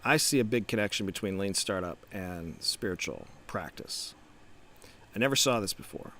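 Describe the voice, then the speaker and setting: A man's voice: lowish voice, lively intonation, moderate pace, sharp tone. A middle-aged man giving a casual motivational talk to camera, reflective, with restarts and rhetorical questions. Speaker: startup founder and coach.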